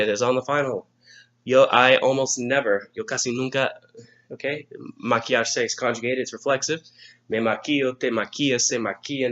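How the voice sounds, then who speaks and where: A man's voice: medium pitch, fairly bright tone, muffled recording. A male Spanish teacher patiently walking students through an exam review lesson, step by step.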